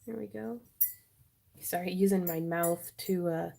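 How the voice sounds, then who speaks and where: A woman's voice: lowish voice, slow pace, gravelly, dark tone. A woman hosting a craft livestream, chatting with viewers and giggling as she demonstrates wire wrapping. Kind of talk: casual livestream chat and tutorial. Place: home craft room.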